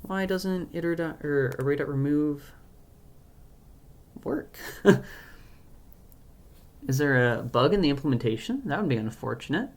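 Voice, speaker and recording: A man's voice: on the high side, expressive, normal speed. A man who is losing his voice, talking through a live coding walkthrough as a programmer, thinking aloud and hesitating with frequent ums. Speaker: programmer, language creator.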